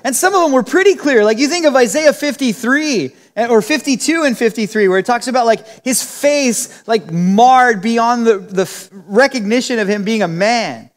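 A man's voice: very high-pitched, moderate pace, few pauses. A man preaching a verse-by-verse Bible teaching, talking conversationally and acting out the quotes in different voices. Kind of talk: expository Bible teaching sermon. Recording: long hall reverb.

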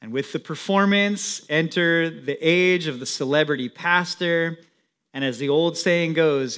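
A young man preaching a sermon in a plain, everyday way, with no pulpit voice. His voice sits high for a man, with a bright, forward tone. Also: a little slow, smooth. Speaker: pastor.

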